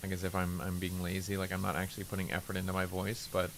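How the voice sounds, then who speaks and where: A livestreamer chats casually on a game stream, relaxed, low-key and unexpressive, deliberately holding his voice in a lower register. His voice is creaky, with a little hiss or hum in the audio.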